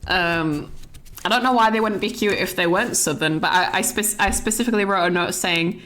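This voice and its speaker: A woman's voice: medium pitch, brisk, fairly bright tone. A young woman chats casually on stream about a film she just saw. She rambles and swears freely, and fills her sentences with "like". Her tone stays loose and conversational. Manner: rambling, sweary, full of likes. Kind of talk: casual chat, movie rant.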